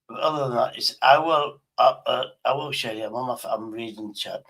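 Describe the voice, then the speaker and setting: A man's voice: mid-range voice, brisk, a bit bright. A man streaming live, chatting in a blunt, rambling way with casual swearing.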